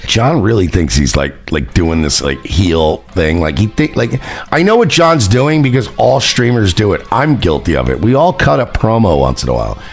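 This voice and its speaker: A man's voice: sits low, sing-song, normal speed, soft background music. A man hosting his own stream, rambling and mocking with heavy profanity and lots of fillers. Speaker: streamer and show host. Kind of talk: casual stream commentary.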